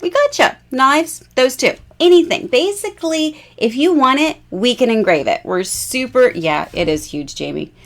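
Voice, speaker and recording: A woman's voice: high voice, animated, normal speed, few pauses. A bubbly, chatty woman in her forties, hosting a casual jewelry live stream and laughing often.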